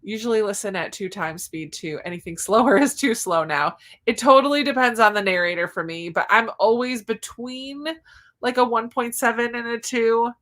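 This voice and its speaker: Reading out viewer comments on her laid-back livestream, a Southern US–accented host giggles, chats and exclaims often. Her voice is on the high side with a fairly bright tone, at a moderate pace.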